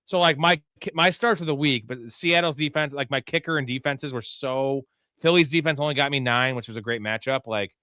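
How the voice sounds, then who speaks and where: A man's voice: mid-range voice, a little fast, pushed and bright, no room sound, clean studio sound. A man hosting a live fantasy football show, talking in a casual, rambling, profane way.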